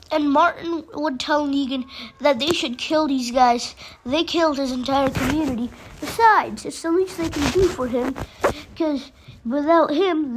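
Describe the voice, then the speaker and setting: High-voiced woman retelling a story. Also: slight background noise. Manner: plain, run-on telling with many "and then". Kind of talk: casual story narration of a fan retelling.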